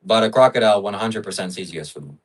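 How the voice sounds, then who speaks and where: Rambling low-voiced man streaming live. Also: lively intonation, fast talker, slightly rough, far from the mic, low-quality recording. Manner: rambling, musing, with frequent fillers. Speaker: livestream host. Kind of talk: casual livestream chat.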